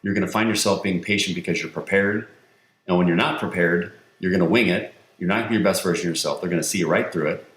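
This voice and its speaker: A man who works as a sales coach, talking as a podcast guest in a lively storytelling way and acting out the quotes he tells. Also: sits low, fast talker. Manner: energetic storyteller, acts out quotes. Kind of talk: conversational interview. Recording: roomy echo.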